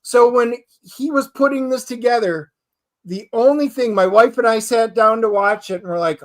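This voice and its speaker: A man talking casually about movies as a guest, telling stories with lively quoted asides. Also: very high voice, moderate pace. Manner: animated storytelling, quotes himself and his wife.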